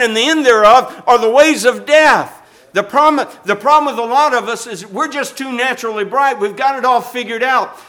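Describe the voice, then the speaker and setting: A man's voice: high voice, bright, forceful tone. An older man preaching a sermon, rising and falling in intensity and calling for amens. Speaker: pastor.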